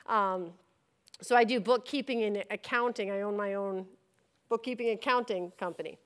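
With a medium-pitched, clean voice and a moderate pace, a middle-aged church leader shares her testimony. Her style is conversational storytelling, and she performs her own past words as she recounts them.

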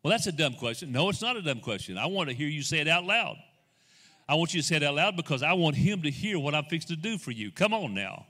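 A man preaching a sermon as guest speaker. He goes from soft, slow asides to loud, rising exhortation, and he acts out the people he quotes in his own voice. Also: a little high, sing-song, big-room sound.

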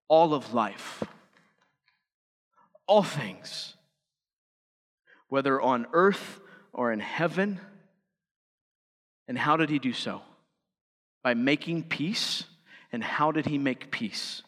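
A man preaching a sermon as pastor, rising to emphatic peaks and dropping to quiet, earnest lines. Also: medium pitch, lively intonation, slow, pauses often, in a large hall.

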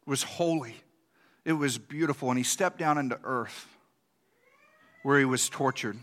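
Bright-voiced male pastor preaching. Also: mid-range voice, moderate pace. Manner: conversational, asks the congregation questions, acts out quoted reactions. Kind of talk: sermon.

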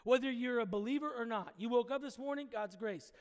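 A man with a very high voice preaches to his congregation, chatty and informal, then breaks into sudden loud exclamations. His voice rings through a church hall with a long echo. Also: a little fast. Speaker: pastor. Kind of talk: sermon.

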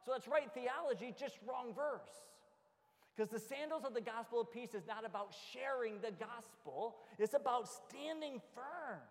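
A pastor delivers a lively, joking sermon, slipping into little acted scenes to make his point. His voice sits very high for a man. The sound carries a long reverb, as from a large church hall. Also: normal speed, creaky.

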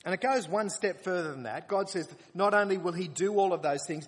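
A man's voice: sits high, animated, brisk, husky. A man preaching a sermon, earnest and emphatic when he reads scripture aloud. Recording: long reverb of a large hall.

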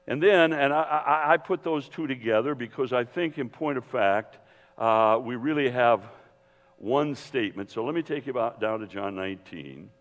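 A man teaching a Bible seminar in a lively, digressive sermon style, full of restarts and asides, speaking to an audience in a hall. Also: mid-range voice, moderate pace, muffled recording. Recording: long hall reverb.

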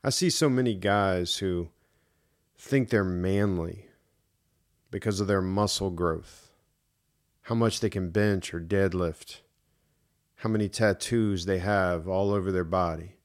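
A middle-aged man speaks slowly and deliberately in a low register, hosting his own podcast. He talks with earnest emphasis and goes back over his points to drive them home. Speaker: podcast host. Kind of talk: reflective solo podcast monologue.

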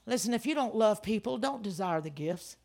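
An older woman preaching a sermon, telling stories with animated emphasis and frequent laughs. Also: medium pitch, brisk, vocal fry. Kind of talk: sermon with storytelling.

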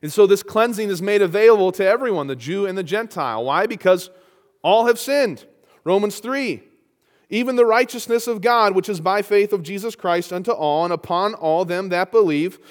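High-voiced preacher in a reverberant hall. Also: male voice, expressive, moderate pace. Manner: reads scripture aloud, rising to emphatic peaks. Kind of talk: sermon.

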